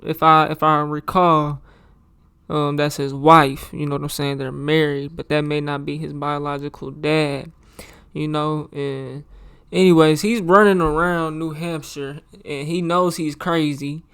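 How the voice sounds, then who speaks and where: A man's voice: fairly high pitch, little pitch movement, unhurried, a bit bright, clean tone. A man hosting a reaction show, giving loose, slangy commentary on a crime documentary and repeating himself often.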